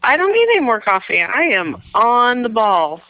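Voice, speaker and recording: An easygoing man co-hosting a podcast chats casually and laughs along. His tone is bright and forceful. The sound is dry, with no room echo. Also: very high voice, big pitch swings, normal speed. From Colorado. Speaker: podcast co-host. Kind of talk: casual chat.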